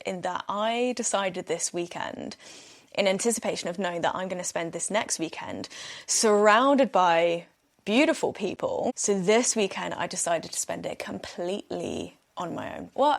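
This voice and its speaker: A woman's voice: on the low side, lively intonation, moderate pace, gravelly. A young woman hosting a solo podcast, chatting casually and often breaking into giggles. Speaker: podcast host.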